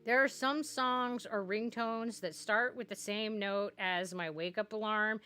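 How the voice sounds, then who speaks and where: A woman live streamer chats casually at her home setup, laughing often and using "like" as frequent filler. Her mid-range voice is fairly even in intonation, a little slow, bright, forceful and smooth, with faint music in the background.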